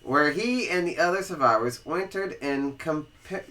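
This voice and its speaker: A man's voice: fairly high pitch, animated, normal speed, sharp tone. A man with a Southern American accent, co-hosting a podcast and reading history aloud, stumbling over words and restarting as he goes. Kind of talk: casual read-aloud with banter.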